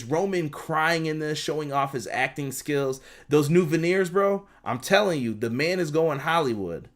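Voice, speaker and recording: Excited young man recapping a wrestling show. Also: mid-range voice. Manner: excited, slangy, acts out quotes in quick asides. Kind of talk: casual fan review recap.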